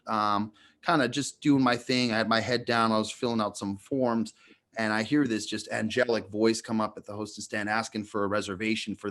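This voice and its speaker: A man's voice: on the low side, fairly bright tone. A man co-hosting a podcast, telling a long story in a casual, rambling way. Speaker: podcast co-host.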